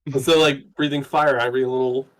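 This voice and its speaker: A man's voice: mid-range voice, steady tone, normal speed, low-quality recording. A man playing in a tabletop game, eager and giggly as he describes his character's actions. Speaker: player. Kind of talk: casual tabletop play.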